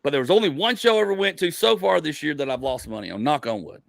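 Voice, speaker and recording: Gravelly man giving blunt pep talk. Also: on the high side, animated, quick pace, dry recording, studio quality. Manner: emphatic, blunt motivational talk. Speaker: comedian host. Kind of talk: casual podcast chat.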